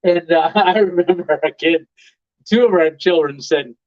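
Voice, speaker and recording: A man's voice: high voice, animated, measured pace, dull audio. A middle-aged man hosting a casual live stream, telling rambling stories full of "uh" and chuckles. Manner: rambling storyteller, lots of "uh" and chuckles.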